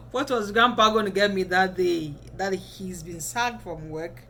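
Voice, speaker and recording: Bright, chatty woman vlogger. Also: medium pitch, unhurried, slight background noise. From Ghana. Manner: chatty, keeps checking in with the viewer. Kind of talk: casual advice chat to camera.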